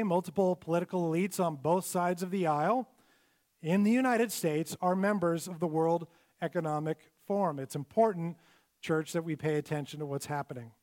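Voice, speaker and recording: A male pastor delivering a sermon to his church in a high, clear voice. He speaks earnestly and deliberately, settling low and quiet at the close of each point.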